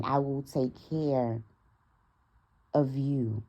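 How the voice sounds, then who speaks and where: Young woman, low voice, gravelly fry, casual storytime vlog, animated, talks straight to viewers. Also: normal speed, highs cut off. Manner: animated, talks straight to her audience, acts out quoted dialogue. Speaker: storytime vlogger.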